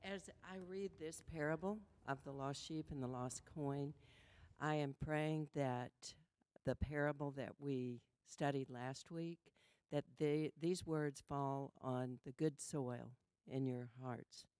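A woman's voice: sits low, fairly even intonation, darkish tone, dry recording. A woman with a Southern US accent reading a Bible passage aloud in church. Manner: slow, measured reading. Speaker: scripture reader.

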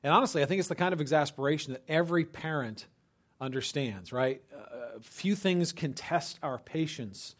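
Male pastor, chatty sermon delivery, slightly raised pitch, punchy emphatic bursts. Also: normal speed. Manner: conversational, often checks in with listeners; rises to loud animated bursts for emphasis. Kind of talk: conversational sermon.

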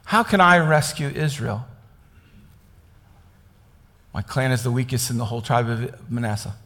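A man's voice: lively intonation, moderate pace, a bit bright. A man voicing Gideon, a frightened, starving young Israelite who pleads and complains to God in a rising voice. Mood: protesting. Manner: pleading, complaining, voice climbing high.

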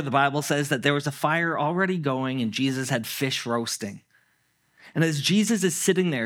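A man's voice: on the high side, fairly bright tone. A man preaching a sermon in a casual storytelling way, acting out the people he quotes. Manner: conversational, acts out quoted lines. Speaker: pastor.

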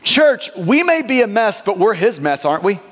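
A man's voice: high-pitched, big pitch swings, normal speed, long reverb tail. A man preaching a sermon as pastor, emphatic and stumbling over repeated word starts.

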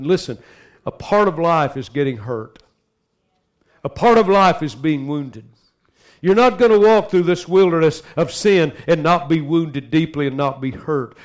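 A man preaching a sermon as pastor, dropping to soft asides and then climbing into loud, urgent exhortation. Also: a little high.

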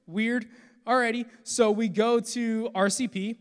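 A man in his thirties preaching a sermon, telling his own story in an animated storytelling manner with acted-out quotes. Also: very high-pitched, moderate pace, big-room sound. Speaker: pastor. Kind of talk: sermon testimony.

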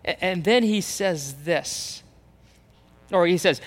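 Emphatic high-voiced pastor in an echoing hall. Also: male voice, unhurried, fairly bright tone. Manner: emphatic, repeats phrases, acts out quoted voices. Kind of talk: sermon. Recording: reverberant hall, long echo.

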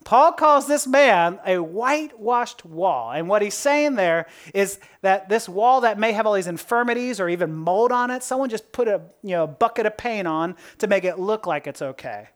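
Speaking at a moderate pace with few pauses, a woman of medium pitch preaches a sermon. She keeps it conversational and lively, posing rhetorical questions and chuckling at her own jokes.

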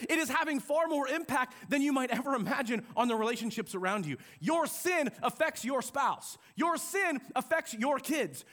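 A man with a strikingly high voice delivers a sermon in a church. He is animated and conversational, and he acts out little quoted exchanges as he preaches. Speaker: pastor. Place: church sanctuary with a balcony.

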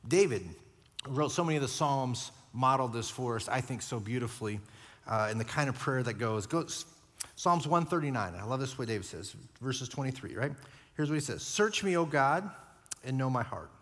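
A man delivers a sermon as pastor in an earnest, conversational way, often checking in with the room. His voice sits at an ordinary middle pitch for a man. The sound carries a long reverb from a large church hall. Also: expressive, brisk. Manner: earnest, conversational preaching with repeated "right?".

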